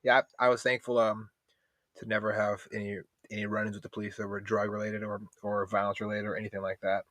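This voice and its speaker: A man's voice: fairly low pitch, little pitch movement, fast, fairly bright tone, no echo. A man, a podcast guest, chatting casually and dropping dry jokes. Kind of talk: casual chat.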